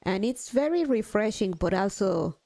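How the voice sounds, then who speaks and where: A woman's voice: mid-range voice, animated, moderate pace, warm tone. A young adult woman live streaming, chatting casually, swearing now and then and poking fun at herself. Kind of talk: casual chat while gaming.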